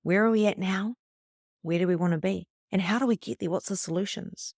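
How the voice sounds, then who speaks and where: A middle-aged woman, a spiritual coach, teaching a live online workshop in a chatty, animated way that acts out her own panic. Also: mid-range voice, fairly quick, no echo, studio quality.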